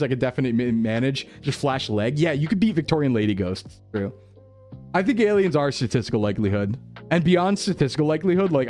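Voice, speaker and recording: A young American man chatting casually with his stream viewers, excitable and loose, full of "like" and "bro". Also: medium pitch. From United States. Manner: animated, excitable, lots of "like" and "bro".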